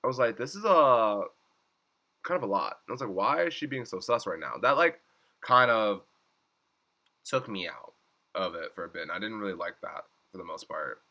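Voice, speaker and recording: A man's voice: on the low side, big pitch swings, normal speed, pushed and bright. A young man giving a casual episode recap, chatty, leaning on "like" and acting out lines in swooping voices. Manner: chatty, says "like" constantly, acts out quotes in swooping voices. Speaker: reaction vlogger.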